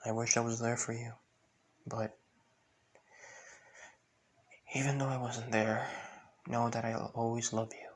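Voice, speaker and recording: A gentle ghostly young mother speaks softly and apologetically, her lines flat and even in pitch, read out by a man. It is a fan story retelling, plain and unhurried. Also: close to an everyday voice. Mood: apologetic. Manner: soft, apologetic.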